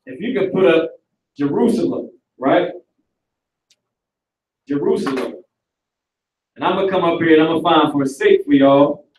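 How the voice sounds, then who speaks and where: A man's voice: on the high side, normal speed, long pauses, a little mellow. Casual slangy man teaching, echoey. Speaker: teacher of an online class. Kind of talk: live online class. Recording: echoey and distant from the mic.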